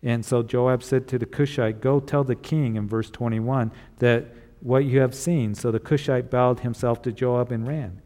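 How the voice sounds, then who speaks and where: A man preaching a sermon, reading scripture and retelling it in casual words, then gently encouraging his listeners. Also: mid-range voice, fairly even intonation, moderate pace, in a large hall. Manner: retells scripture in casual paraphrase with acted voices; earnest, encouraging. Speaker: pastor.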